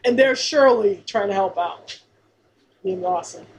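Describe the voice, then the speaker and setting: A woman's voice: mid-range voice, moderate pace, slight background noise, low-quality recording. A woman co-hosting a podcast, chatting casually and emphatically, often repeating her points. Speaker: podcast co-host. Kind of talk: casual chat about a sitcom episode.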